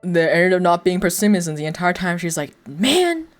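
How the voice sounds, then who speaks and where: A man's voice: high voice, flat delivery, fast talker, clear, resonant tone. A young man streaming, telling a story in a rambling, casual way, full of fillers and frequent laughs. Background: faint music.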